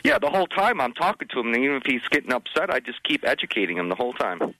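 A male guest telling stories in a relaxed way, his voice bright and forward, with pitch that swings widely. Dry, close sound, with no room echo. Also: very fast. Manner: laid-back storyteller, many fillers. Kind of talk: casual talk radio chat.

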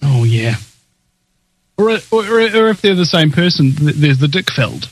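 A man hosting a casual talk show, excitable and sarcastic, jumping between jokes and rants. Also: on the high side, unhurried, low-quality recording. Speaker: podcast host. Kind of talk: casual chat.

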